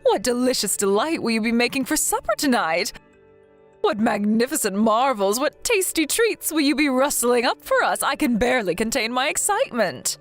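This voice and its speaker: A woman's voice: a little high, sing-song, moderate pace, fairly bright tone, soft background music, pitched above the performer's own voice. A woman voicing a sugary, scheming middle-aged mother-in-law in a text-story video, with a sing-song, theatrical sweetness. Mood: gushing.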